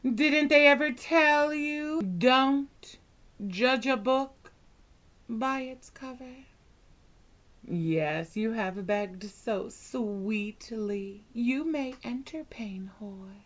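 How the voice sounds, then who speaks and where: A woman in a whispered role-play, speaking as a dominant hypnotist with a soft, commanding, drawn-out delivery. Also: a little high, lo-fi sound.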